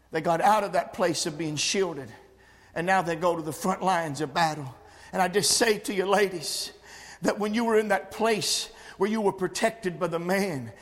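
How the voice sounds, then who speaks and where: Man, preacher, sermon, very high voice, "uh" fillers, shouting peaks, long hall echo. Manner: preaching cadence, frequent "uh" fillers, rising to shouts. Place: church sanctuary.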